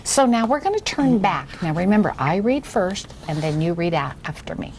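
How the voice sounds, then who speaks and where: A woman demonstrating a reading lesson with a young child, speaking slowly and encouragingly, often softly or in a whisper. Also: on the low side, big pitch swings, slight background noise. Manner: patient, slow, encouraging, drops to soft whispers. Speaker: reading tutor trainer.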